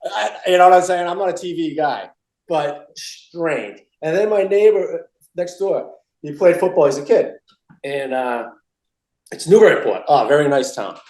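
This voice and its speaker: A man's voice: a little high, lively intonation, moderate pace, a little mellow, reverberant, rough recording. A middle-aged man from Massachusetts telling stories in an interview, rambling and repeating himself with many restarts. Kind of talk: casual storytelling interview.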